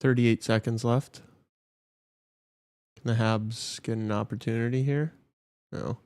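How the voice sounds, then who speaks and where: A young man co-hosting, his mid-range voice loose and chatty. He jumps into excited bursts now and then. The sound is dry, with no room ring. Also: mid-range voice, unhurried, clear, resonant tone, no echo. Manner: loose banter with sudden excited outbursts. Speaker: podcast co-host. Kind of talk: casual live game-watch chat.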